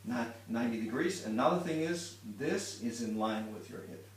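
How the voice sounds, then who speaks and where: His mid-range voice has lively intonation and a moderate pace as he teaches violin one-on-one. He's patient, explaining through demonstrations and restarts, in a roomy, distant recording with a little hiss or hum.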